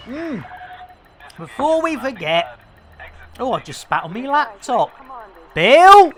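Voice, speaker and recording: A man's voice: very high voice, very animated, unhurried, a bit bright, faint music behind. A man giving playful, theatrical commentary on a live game stream. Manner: jokey, theatrical, lots of pet phrases.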